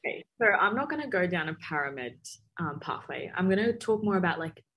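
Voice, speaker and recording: A woman's voice: fairly low pitch, lively intonation, brisk, breathy edge, muffled recording. A young Australian woman, a student guest, talking in a rambling, self-conscious way. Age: young adult. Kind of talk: casual interview chat.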